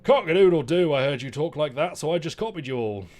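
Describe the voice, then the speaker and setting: A man voicing a loud, pushy rooster in a storybook read aloud during a game stream, crowing in a shrill, rhyming sing-song. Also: animated, fast talker, natural voice. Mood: chatty.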